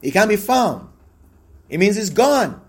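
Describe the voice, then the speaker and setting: A man's voice: high voice, sing-song, unhurried. A man preaching a sermon as pastor, emphatic and repetitive, his voice rising into exclamations.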